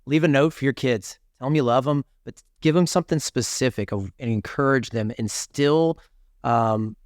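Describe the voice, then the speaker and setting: A man's voice: mid-range voice, moderate pace, dry recording. Man, 40s, podcast guest; emphatic and preachy, mid-range voice, dry close mic. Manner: emphatic, preachy, casual "dude" and "brother". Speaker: podcast guest, author and speaker. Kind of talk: energetic storytelling in an interview.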